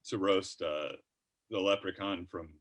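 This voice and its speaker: A man's voice: sits low, fairly even intonation, measured pace. A man doing a rambling, profane comedy roast set with jokey asides.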